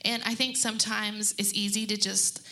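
A woman's voice: medium pitch, normal speed. A woman in her thirties on a faith-based panel, telling stories to moms and acting out what people said. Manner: animated storyteller who acts out quotes. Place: room with an audience.

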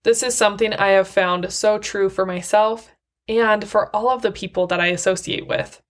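A woman hosts a solo motivational podcast in an earnest, encouraging voice. She speaks warmly and directly to her listeners at a medium pitch. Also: steady tone, normal speed. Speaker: podcast host.

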